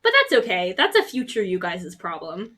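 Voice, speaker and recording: A woman narrating a tabletop game as game master, casual and quick to laugh. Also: lowish voice, big pitch swings, fairly bright tone, slightly rough. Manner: casual and chatty, laughs easily.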